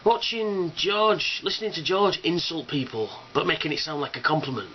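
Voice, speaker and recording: Man, casual rambling vlog, lots of ums and swearing, excited, dull lo-fi webcam sound, faint hum behind. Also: a little high, normal speed. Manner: enthusiastic, sweary, full of fillers. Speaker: fan convention vlogger. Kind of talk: casual rambling video response.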